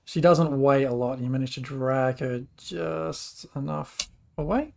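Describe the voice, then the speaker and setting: A man running a tabletop game as game master over an online call, relaxed and laughing along with his players. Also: medium pitch, unhurried, vocal fry.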